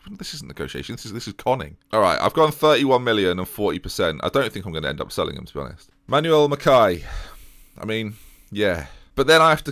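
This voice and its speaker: A man's voice: mid-range voice, fairly bright tone, no echo, studio quality. A man giving a let's-play commentary as a gaming YouTuber, exasperated and self-mocking as he talks over his game.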